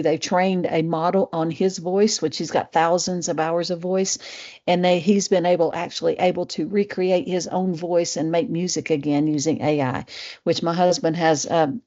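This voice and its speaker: Middle-aged Southern Appalachian woman, webinar presenter, chatty and low-key, mellow low voice, muffled lo-fi sound. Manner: chatty, many fillers and restarts. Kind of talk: casual live webinar presentation.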